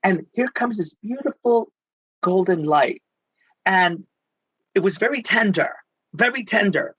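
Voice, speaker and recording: Husky, bright-voiced man telling stories. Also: sits high, unhurried, no echo, highs cut off. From Texas. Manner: animated, theatrical, acts out quoted voices. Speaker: guest, spiritual healer. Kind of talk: emotional storytelling in conversation.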